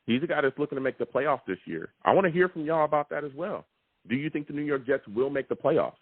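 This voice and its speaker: A man hosting a live call-in sports podcast, talking emphatically and repeating himself with excitement. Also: a little high, quick pace, breathy edge, no echo. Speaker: sports talk show host. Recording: tinny phone-like, dry sound.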